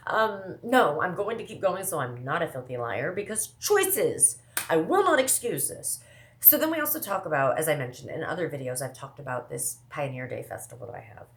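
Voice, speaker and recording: A woman from the American Midwest talking casually to her viewers, rambling fast with lots of asides and self-interruptions. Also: low-pitched, huge pitch swings, a little hiss or hum. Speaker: vlogger. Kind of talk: casual monologue to camera.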